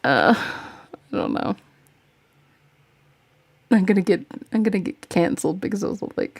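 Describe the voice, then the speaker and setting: A woman's voice: medium pitch, big pitch swings, measured pace, gravelly, pauses often, husky, no echo. A woman hosting a podcast in casual chat, giggling often and rambling as she talks. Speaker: podcast host.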